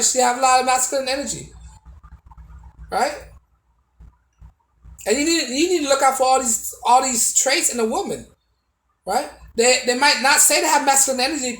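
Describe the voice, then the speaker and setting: A man's voice: extremely high pitch, a bit bright, roomy sound, low-quality recording. A man giving a casual opinion monologue to camera as a video blogger, preachy and repetitive, with many restarts and tag questions.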